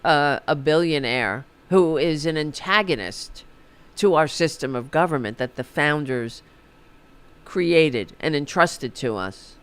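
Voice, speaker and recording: A man's voice: a little high, animated, unhurried, a bit bright, clear, resonant tone. A man hosting a podcast, delivering a rambling, sarcastic political commentary monologue. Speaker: podcast host.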